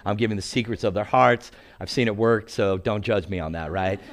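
A man's voice: lowish voice, fairly quick. Humorous older male pastor preaching. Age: 60s. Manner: humorous, animated storyteller. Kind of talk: sermon with storytelling.

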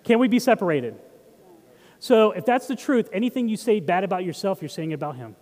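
A man's voice: high voice, lively intonation, brisk, a little mellow, in a large hall. A man preaching a sermon as pastor, talking in a conversational way and putting questions to the congregation. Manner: conversational, asks the audience questions.

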